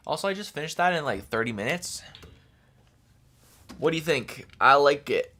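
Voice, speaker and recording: A man's voice: on the high side, lively intonation, moderate pace, sharp tone. Male streamer, easygoing and teasing, everyday voice, chatting while drawing. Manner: playful, teasing banter. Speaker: live streamer. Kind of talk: casual chat while drawing.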